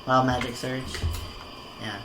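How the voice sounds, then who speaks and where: A person playing in a tabletop game, making slow, dry remarks. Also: medium pitch, level tone. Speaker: player. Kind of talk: casual tabletop game chat. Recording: roomy mic with crowd noise.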